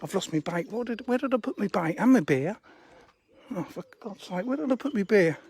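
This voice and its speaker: Chatty man, higher voice. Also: lively intonation, brisk, darkish tone. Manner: chatty and rough-edged, mild swearing, talks to viewers. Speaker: fishery owner streaming live. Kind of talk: casual live-stream chat. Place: outdoors by a fishing lake. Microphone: phone held in hand.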